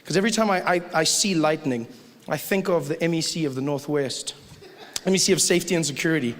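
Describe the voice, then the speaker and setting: A man with a South African accent performing a stand-up set, animated and full of exaggerated asides. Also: on the high side, quick pace. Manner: animated, jumps into mock voices and exaggerated asides. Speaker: stand-up comedian. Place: theater stage before a live audience. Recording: live hall with crowd and hiss.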